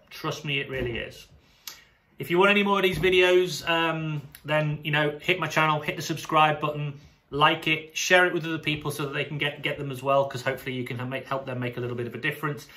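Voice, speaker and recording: A British man coaching through a casual vlog, his voice pitched a bit high and strikingly bright. He talks in an animated, chatty way, restarting sentences as he goes. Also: brisk. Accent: British English. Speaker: sports coach. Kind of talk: casual vlog monologue to camera.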